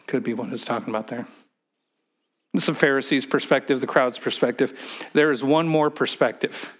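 A male pastor delivers a sermon with an emphatic, dynamic style. His voice sits at a middling pitch, rising and pressing hard on key points, then dropping low and nearly to a whisper for effect. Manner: emphatic preaching, swinging from loud to hushed.

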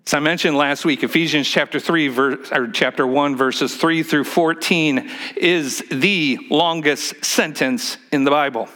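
A man's voice: fairly high pitch, unhurried, pushed and bright. A male pastor preaching a sermon in a church, speaking in a conversational, joking way, leading the congregation in call-and-response and often repeating words as he restarts.

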